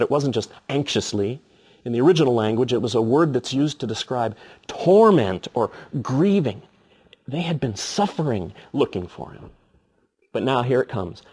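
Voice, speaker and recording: A middle-aged man preaching a sermon, telling stories with animated, acted-out moments. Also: mid-range voice, moderate pace, slightly rough. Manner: animated storytelling with acted quotes.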